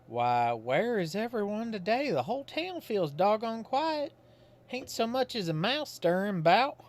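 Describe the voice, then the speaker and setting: A simple, good-natured country fellow from a video game, put on by a man reading the dialogue aloud. He talks in a folksy, homespun dialect and stretches his lines out like a porch storyteller, with his pitch pushed a little higher than a plain speaking voice. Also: sing-song, measured pace. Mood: folksy, chatty. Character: simple folksy rural man, old Godfrey.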